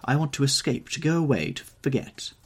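A man voicing a nervous, brooding young gentleman, anxious and pleading, in an audiobook reading. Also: mid-range voice, very animated, brisk, husky, voice pushed up. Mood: haunted.

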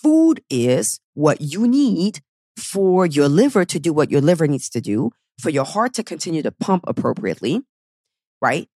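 A woman podcast host giving blunt, profane, animated coaching talk, acting out the inner voices of her listeners. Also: low-pitched, moderate pace, husky, no room sound, clean studio sound. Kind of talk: weight-loss coaching talk.

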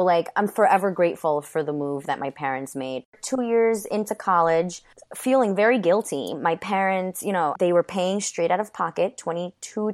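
A woman with a slightly low-pitched voice recounts her own life as an interview guest. She was born in Ecuador and grew up in New York. Her storytelling is earnest and conversational, and she leans constantly on "you know" and "like.". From born in Ecuador, raised in New York.

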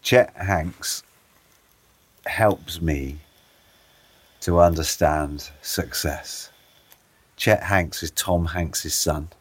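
A man's voice: low voice, extremely slow, long pauses, breathy edge. A man hosting a podcast, talking in a laid-back, slangy way and swearing casually. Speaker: podcast host. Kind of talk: casual chat.

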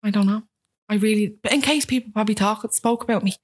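A woman of about thirty, appearing as a guest, chats casually and animatedly, often acting out the voices of people she quotes. She talks fast in a mid-range, slightly rough voice.

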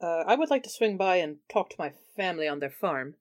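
A woman playing a character in a tabletop game, relaxed and easygoing. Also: lowish voice, fast talker. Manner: relaxed, easy in-character chat. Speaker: player. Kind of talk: casual tabletop play.

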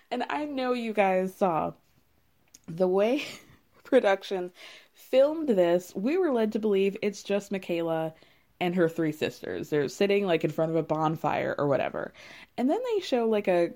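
A woman's voice: medium pitch, sing-song, a little slow, mellow. A young woman in casual recap commentary, wry and amused, often breaking into laughter as she talks. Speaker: reality show recapper.

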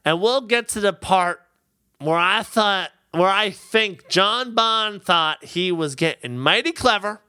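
A man co-hosting a podcast, talking with emphatic, animated energy and frequent laughs. His voice is high and bright, with a smooth, clear tone. The sound is dry and close. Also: takes it slowly, no echo. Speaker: podcast co-host. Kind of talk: casual podcast chat.

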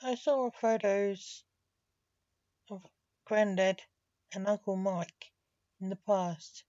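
A woman voicing Max, a young male vampire, reading his lines slowly in a storybook. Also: mid-range voice, mellow, dry recording, lightly acted. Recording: dull, dry lo-fi audio.

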